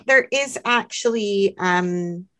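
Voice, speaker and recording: A woman co-hosts a podcast in relaxed chat. She asks questions and playfully teases her partner, speaking at a middle pitch. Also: slow. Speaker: podcast co-host. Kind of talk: casual chat.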